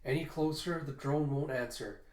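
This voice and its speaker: A man's voice: medium pitch, moderate pace, natural voice. A soldier gives his officer a dutiful report, as a man reads the comic aloud. The room is echoey. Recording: roomy echo.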